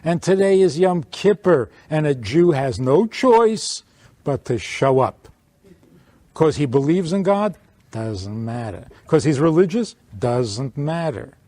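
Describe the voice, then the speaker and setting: A man, a rabbi, giving an informal teaching talk to a small audience, speaking in an animated way and acting out little dialogues. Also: a little high, slow pace, no echo. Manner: animated, plays out dialogues, chuckles.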